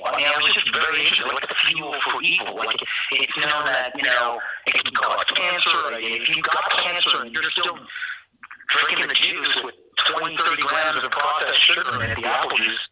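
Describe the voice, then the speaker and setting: A man's voice: mid-range voice, far from the mic, muffled recording, heavy background noise. A man calling in to a radio talk show, chatting casually and rambling from one tangent to the next. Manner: rambling, jumping between tangents. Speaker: call-in guest.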